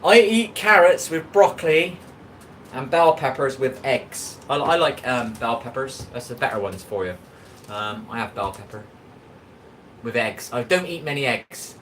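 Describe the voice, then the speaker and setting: A man's voice: mid-range voice, lively intonation, normal speed, a bit bright, poor audio. An Englishman with a plain mid-range voice rambles his way through a casual cooking livestream. He chats loosely and answers his viewers' comments as he cooks. A faint bit of background noise sits under his voice. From England. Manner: rambling, chatty, talks back to chat comments. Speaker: livestream host.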